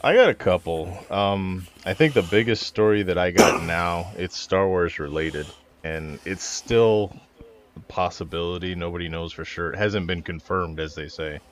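A man's voice: low voice, moderate pace. A man co-hosting a casual podcast, making wry joking asides and bringing up the news topics.

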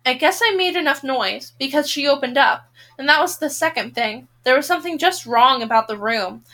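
A woman's voice: high-pitched, normal speed, pushed and bright. A woman reading a novel aloud, earnest, with occasional self-corrections.

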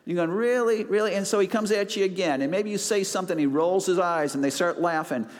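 A man's voice: high voice, fast, long reverb tail. A male pastor preaching a sermon in a conversational, self-deprecating way, acting out little asides.

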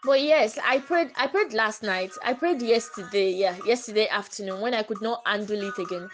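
A woman's voice: mid-range voice, moderate pace, faint music behind, poor audio. A woman hosting a casual solo podcast, talking earnestly and repeating her phrases, her voice slightly stuffy from catarrh. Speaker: podcast host.

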